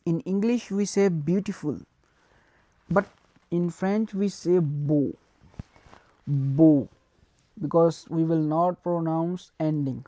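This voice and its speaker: Slow, mellow-voiced woman teaching a beginner lesson. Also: lowish voice, no room sound. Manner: slow, repeats words and spells them letter by letter. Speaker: language teacher.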